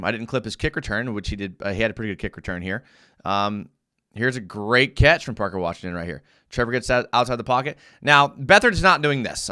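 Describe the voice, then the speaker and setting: A young man hosting a live fan show and breaking down game film, animated and easily worked up as he reads viewer comments. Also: lowish voice.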